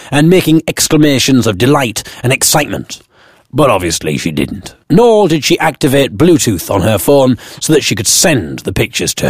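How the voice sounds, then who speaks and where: A British man telling a funny first-person story in a wry, self-mocking tone. His slightly husky voice rises and falls a lot, leaping high for emphasis and dropping low for deadpan asides, and it sounds close and dry with no room around it. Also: no echo. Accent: British English. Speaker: blogger narrating his own story.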